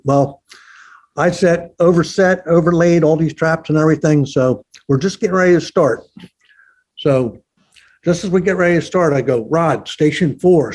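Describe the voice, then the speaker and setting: Man, target setter, fairly high voice, thinks aloud, repeats himself. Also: a little mellow, slightly rough. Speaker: target setter, podcast guest. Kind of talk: casual conversation.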